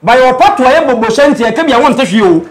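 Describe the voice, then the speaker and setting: A Ghanaian man with a noticeably high voice talks animatedly in a casual interview. He mixes English phrases into his talk and slips into Patois-style lines. He comes across as an aspiring rapper explaining his views on music. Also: lively intonation, fast.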